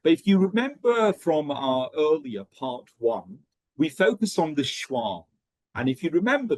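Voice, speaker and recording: A man leads a pronunciation-teaching session, explaining each step and checking in with "okay?" along the way. His voice is husky, with a lively, swinging pitch. The sound is dry and close, with no room echo. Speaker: teacher trainer.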